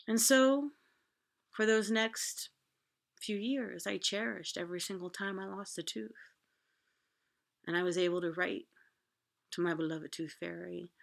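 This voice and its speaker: A woman telling a personal story from her own life, moving between hushed whispers and loud, pleading outbursts. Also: on the low side, creaky.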